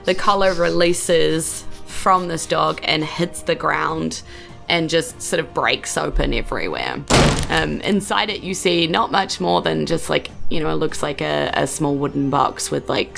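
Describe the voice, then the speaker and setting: A woman's voice: low voice, lively intonation, unhurried, gravelly, a bit bright, faint music behind. A woman with a New Zealand accent running a tabletop game, narrating loosely with lots of fillers. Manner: loose, rambling narration with many fillers and laughs. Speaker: game master.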